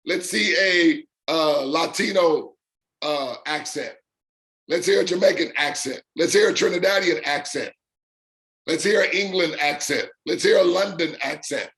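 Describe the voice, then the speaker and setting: A man with a fairly high voice talks to his online community in an unscripted live stream. He hammers his points home in short repeated lists and stretches out the words he wants to land. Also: measured pace, a bit bright. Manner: emphatic, repeats phrases in punchy lists. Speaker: host of an online business community.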